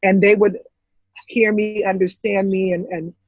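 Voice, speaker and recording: A woman, an interview guest, tells an emotional personal story in a halting way, full of restarts and repeated words. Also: mid-range voice, flat delivery, a little mellow, breathy edge, dry recording, muffled recording.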